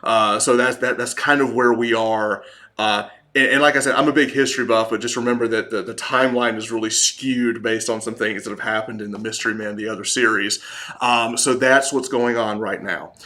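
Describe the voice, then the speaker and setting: A man's voice: mid-range voice, steady tone, a little fast, pushed and bright. A man with a Southern accent, narrating as game master with a rambling manner full of fillers and restarts.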